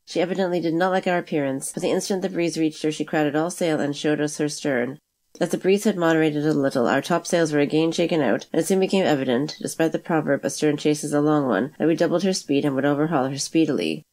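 A woman narrating a classic adventure novel aloud in a steady, even reading. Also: low-pitched, quick pace. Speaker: audiobook narrator.

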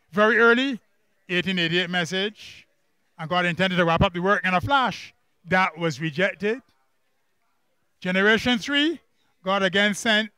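Barbadian male Bible teacher, high crisp voice, drills the class with questions, dry close sound. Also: bright, forceful tone, no room sound. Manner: quizzes the class with quick questions and emphatic repeats. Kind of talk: church camp workbook lesson. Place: camp classroom.

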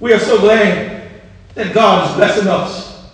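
A man preaching a fervent sermon with repeated rising phrases, shouting out his lines in a large church hall. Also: sits high, fairly even intonation, a little slow, slight background noise. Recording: echoey hall, voice from far off.

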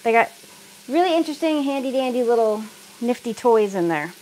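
A woman's voice: a little high, lively intonation, brisk, darkish tone, slight background noise, poor audio. A middle-aged woman from the United States chatting casually while cooking in her home kitchen, laughing often and reading out viewers' comments. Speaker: cooking livestream host.

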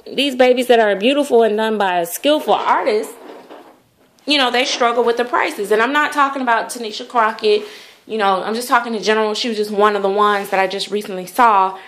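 Chatty woman vlogger, rather high voice. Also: fairly quick. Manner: rambling, chatty, full of "like" and "you know". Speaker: doll collector vlogger. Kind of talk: casual chat to camera.

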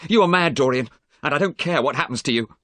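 A man voicing a frightened young scientist who flatly refuses to help an old friend. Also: on the low side, brisk, no echo. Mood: refusing. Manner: refusing, tense, fearful.

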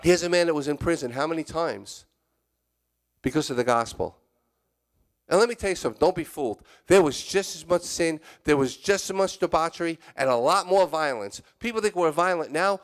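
A man's voice: fairly high pitch, a bit bright. A man, a church elder, preaching a candid, confessional sermon that moves between spoken prayer and emphatic exhortation. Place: church sanctuary.

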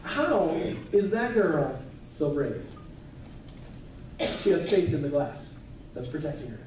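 A man's voice: a little high, big pitch swings, slow, a little mellow, slight background noise. A male pastor giving a conversational sermon with casual asides. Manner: conversational, chatty preaching with asides. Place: church sanctuary. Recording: echoey church hall, mic at a distance.

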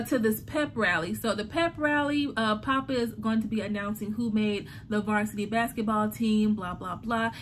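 A woman's voice: medium pitch, fairly bright tone, slight background noise. A woman hosting a casual TV recap, talking animatedly and acting out the characters' lines. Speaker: TV recap host.

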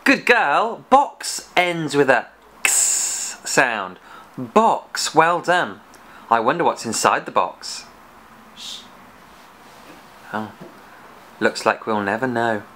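A man hosting a children's phonics lesson with a puppet, encouraging and praising as he sounds out letters slowly and clearly. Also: mid-range voice, sing-song, pushed and bright, slight background noise. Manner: encouraging, praising and playfully scolding; slow and exaggerated, sounding out letters. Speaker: phonics teacher and host.

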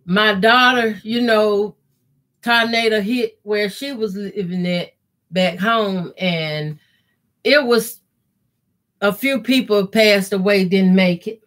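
A middle-aged woman, hosting a casual quilting live stream, reading viewer comments and praying aloud with deep feeling. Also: slow, fairly bright tone. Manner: heartfelt, prays aloud with deep emotion. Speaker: quilting channel host.

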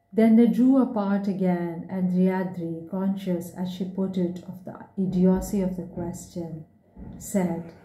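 Slow, dark-toned woman reading aloud. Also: lowish voice. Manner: measured, unhurried reading. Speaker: reader. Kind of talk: story reading. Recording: echoey room.

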